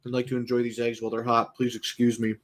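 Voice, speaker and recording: A man's voice: medium pitch, completely flat delivery, fast, fairly bright tone. A man streaming, talking casually in a blunt, profane, rambling way. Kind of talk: casual talk.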